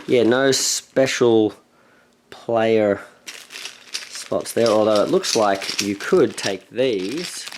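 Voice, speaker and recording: A man hosting a board game channel, casually unboxing and thinking aloud with relaxed, hesitant fillers. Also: lowish voice, slight background noise, rough recording. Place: at a table, handling game pieces.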